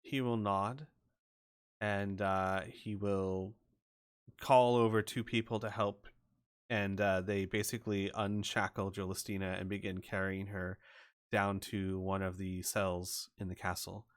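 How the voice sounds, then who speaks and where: A man with a somewhat low voice narrates a tabletop role-playing session as game master. His delivery is relaxed and loose, with plenty of filler words between descriptions. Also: unhurried, clean tone.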